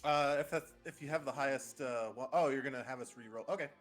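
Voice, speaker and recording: A man's voice: mid-range voice, fast talker, a bit bright, faint music behind. A man playing in a tabletop game, chatting casually, laughing often and joking. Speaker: player.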